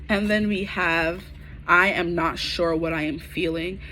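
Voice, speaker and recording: A woman's voice: fairly low pitch, measured pace, slight background noise. Chatty young woman reading tarot cards. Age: 20s. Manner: chatty, slangy, animated asides. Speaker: tarot reader. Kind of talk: casual tarot reading to camera.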